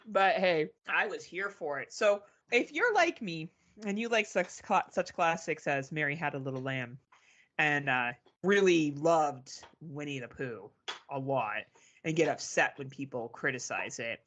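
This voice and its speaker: Canadian woman cohosting a movie podcast, lowish voice but really bright, blunt and swears a lot. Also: lively intonation, a little slow. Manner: frank, profane, laughs often. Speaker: podcast co-host. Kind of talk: casual chat.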